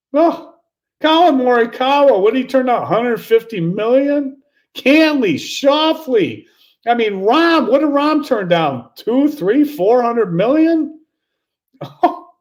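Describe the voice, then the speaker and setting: An older man, a golf coach, ranting in incredulous exasperation, restarting and repeating himself with sarcastic laughs. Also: fairly high pitch. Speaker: golf coach giving commentary. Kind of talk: animated opinion rant.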